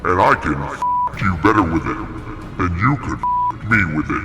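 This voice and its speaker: A man putting on a crude, flirting deep-voiced man who talks in a slow, leering way. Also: animated, in a large hall, over music.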